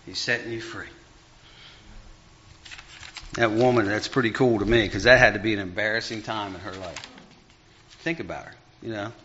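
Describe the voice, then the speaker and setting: A man preaching in a loose, conversational sermon, rambling with fillers and restarts, often rising high and then dropping to a near murmur. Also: steady tone, normal speed, long pauses, bright, forceful tone, slight background noise. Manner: rambling, full of fillers and restarts, big swings in pitch and volume. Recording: dull lo-fi recording.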